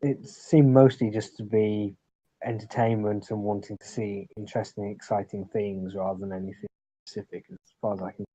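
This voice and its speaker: A man's voice: on the low side, flat delivery, moderate pace, dark tone, slightly rough, dry recording. A man talking as a player in a casual podcast chat, laid-back and laughing often. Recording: dull, dry lo-fi mic.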